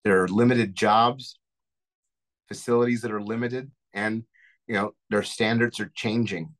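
Earnest, low-voiced man giving pep talk. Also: steady tone, measured pace, fairly bright tone, low-quality recording. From Texas. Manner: earnest, motivational storytelling. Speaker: zookeeper guest. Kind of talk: interview advice.

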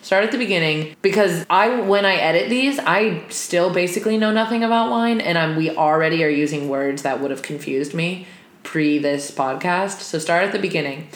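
Speaking at a normal speed in a fairly low voice, this young woman co-hosts a podcast with a playful, chatty manner and lots of rambling fillers. The casual chat echoes around the sparse, empty apartment room where it was recorded.

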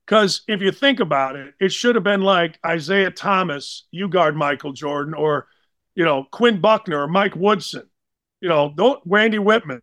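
A man in his sixties telling blunt, animated sports stories as a podcast guest. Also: high-pitched, normal speed, no room sound, clean studio sound. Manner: blunt, animated, slangy anecdotes. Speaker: guest, former college basketball player. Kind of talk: casual storytelling.

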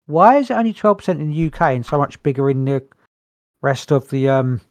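A man's voice: a little high, expressive, fairly quick, dry recording. Dry wry man reading notes. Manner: wry, dry humour, sighs between points. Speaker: podcast co-host. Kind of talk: casual chat, reading notes aloud.

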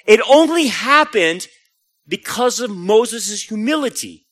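A man's voice: high voice, expressive, takes it slowly, fairly bright tone. A man preaching a sermon as a pastor, telling a story animatedly and acting out the voices.

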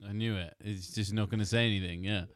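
A man's voice: on the low side, fairly even intonation, fast, crowd noise. A man hosting a podcast, chatting casually, teasing his co-host, swearing and laughing often. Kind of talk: casual chat.

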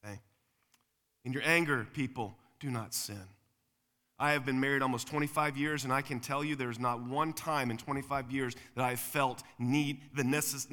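A man in his forties preaching a sermon as pastor, swinging between loud emphatic points and quiet low passages. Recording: long hall reverb.

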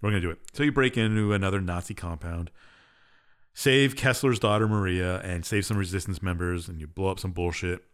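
A man's voice: low voice, brisk, clear, resonant tone. A man co-hosting a podcast, casually recapping a game's story in a laid-back, dismissive way. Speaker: podcast co-host. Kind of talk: casual chat, recapping a game plot.

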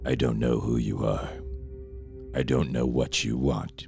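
A man voicing a hot-headed older Irish action-movie star in a comedy sketch, growling lines and bursting into shouts. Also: extremely low pitch, steady tone, measured pace, vocal fry, faint music behind, exaggerated voice. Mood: menacing. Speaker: podcast co-host.

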